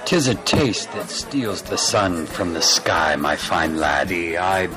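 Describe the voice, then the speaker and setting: Pompous tipsy Shakespearean, man doing it, very deep theatrical declaiming, music behind. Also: slow. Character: drunken man speaking mock-Shakespearean English.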